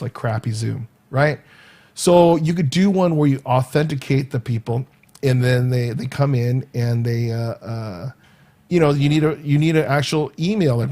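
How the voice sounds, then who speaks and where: A man's voice: mid-range voice, darkish tone. A middle-aged man hosting his own vlog, talking in a loose, rambling way with many fillers and restarts. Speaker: vlog host. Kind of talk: casual rambling monologue.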